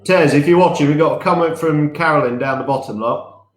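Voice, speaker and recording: A man's voice: fairly high pitch, a little fast, echoey room. A man co-hosting a casual live-stream podcast from home, chatty and rambling, often laughing at himself. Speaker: podcast co-host.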